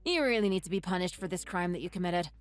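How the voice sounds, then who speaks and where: A woman's voice: fairly low pitch, animated, quick pace, soft background music, lightly acted. A woman voicing a wronged young bride-to-be who speaks firmly and scornfully to her old tormentor. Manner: firm, scornful.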